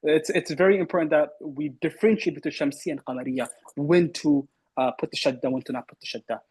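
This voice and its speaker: A man with a somewhat raised, husky voice runs an online Arabic lesson. He quizzes his students and corrects their answers firmly, often repeating a word several times. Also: on the high side, fast, a little mellow, low-quality recording. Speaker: Arabic teacher. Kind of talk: online class teaching.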